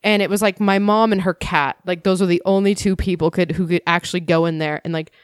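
A woman's voice: fairly low pitch, fast talker, clear, resonant tone, no room sound. Young woman, casual storytelling, lots of filler, cursing, dry close sound. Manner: animated storyteller, heavy "like" filler, swears freely.

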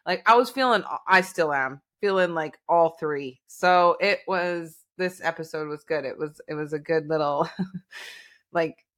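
Woman, podcast co-host, video call, bright edgy voice, laughs easily, mild exclamations. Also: deep voice, measured pace. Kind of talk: casual chat.

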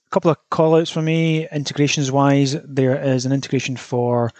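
A man's voice: medium pitch, level tone, normal speed, darkish tone, no echo. A man hosting a casual solo smart-home news roundup in a chatty, informal way, now and then swearing. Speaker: podcast host.

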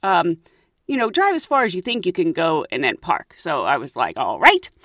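A woman's voice: lowish voice, very animated, moderate pace, fairly bright tone, dry recording, studio quality. A woman casually telling a travel story, acting out the voices of the people in it and laughing often.

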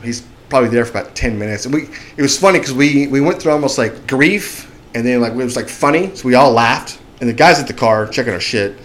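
Animated man telling a story. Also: mid-range voice, fast, few pauses, slight background noise. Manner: animated, acts out shouting voices in his story. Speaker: podcast guest telling a story. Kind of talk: casual storytelling.

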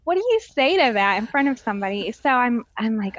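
A woman's voice: a little high, a little fast, few pauses, no room sound, highs cut off. A woman in her forties co-hosting a podcast, telling family stories in casual chat and acting out the voices in them. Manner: animated storyteller, acts out quoted voices. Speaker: podcast co-host.

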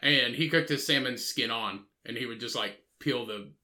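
A man co-hosting a casual podcast, telling crude, animated stories. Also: mid-range voice, normal speed. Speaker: podcast co-host.

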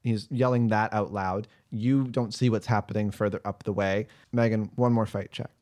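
A man's voice: on the low side, steady tone, normal speed, a little mellow. A man running a tabletop game as game master, narrating scenes casually with frequent fillers and restarts.

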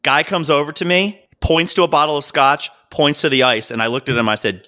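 A man co-hosting a casual podcast, telling stories in an animated way with plenty of swearing and laughter. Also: fairly high pitch, brisk. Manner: animated storyteller, swears freely, laughs often. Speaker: podcast co-host. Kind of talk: casual chat.

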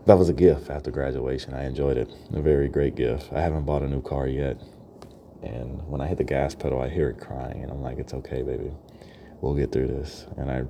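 A young man with a very deep, dark voice and a gravelly edge talks through a loose solo podcast monologue. He rambles reflectively, laughs easily and keeps asking "right?" A faint hiss sits under the voice. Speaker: podcast host. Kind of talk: freestyle monologue.

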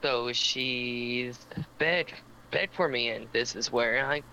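A man's voice: mid-range voice, slow pace, sharp tone, dull audio, slight background noise. A man co-hosting a podcast, telling a long story in casual chat, rambling with lots of fillers, and stammering when he gets teased. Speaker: podcast co-host.

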